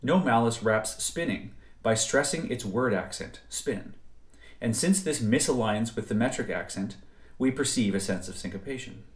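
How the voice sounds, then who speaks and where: A man narrating a scripted music theory lecture in a measured, precise way. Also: mid-range voice. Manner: measured, precise explanatory delivery. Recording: roomy echo.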